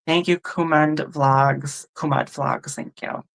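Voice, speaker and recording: Gravelly-voiced woman chatting on a livestream. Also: deep voice, wildly swooping pitch, slow. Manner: chatty, thanks viewers by name, muses aloud. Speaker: tarot reader and livestream host. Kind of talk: casual livestream chat with viewers.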